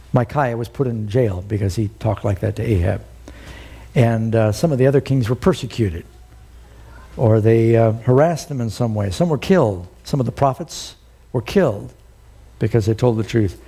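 A middle-aged man preaching a sermon, telling the story with animated, acted-out quotes. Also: medium pitch, slightly rough. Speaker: pastor.

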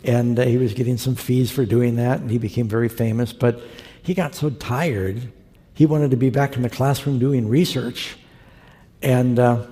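Gravelly-voiced man preaching in a hall. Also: mid-range voice, fairly even intonation, normal speed, warm tone. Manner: earnest, conversational storytelling with scripture quotes. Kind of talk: sermon with storytelling.

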